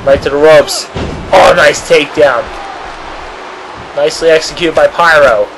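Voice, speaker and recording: A man calls a wrestling match blow by blow in a slightly high voice, drawing each call out slowly. He keeps bursting into excited exclamations. Steady noise sits behind the amateur recording. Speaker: wrestling commentator. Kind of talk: amateur play-by-play commentary.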